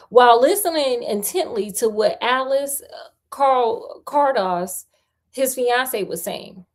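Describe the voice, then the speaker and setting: Woman storyteller reading aloud, high voice, unhurried, playful asides. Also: expressive. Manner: chatty, with playful slangy asides.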